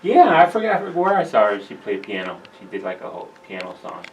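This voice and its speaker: Radio host guy stumbling over words, low-ish voice, far off mic, bit of hiss. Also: huge pitch swings, lo-fi sound. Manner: halting, full of restarts. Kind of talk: casual radio interview. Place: radio studio. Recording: distant mic with faint hiss.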